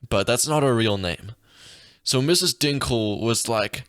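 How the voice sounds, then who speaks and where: A sick, coughing young man co-hosting a comedy podcast, telling an absurd rambling story and slipping into high silly voices. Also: unhurried, a bit bright, no echo, clean studio sound. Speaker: podcast co-host. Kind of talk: goofy comedic podcast chat.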